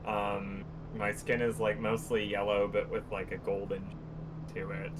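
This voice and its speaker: Man player, lowish voice, slow and hesitant, air-con hum in the background. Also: completely flat delivery. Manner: hesitant, many fillers. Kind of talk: describing his character in a tabletop game.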